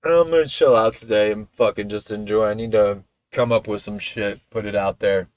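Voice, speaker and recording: A man's voice: lowish voice, normal speed, no echo. A man chatting casually on a live stream, rambling and swearing freely, with a toddler at home. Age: adult father of a toddler. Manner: rambling, profane, loose.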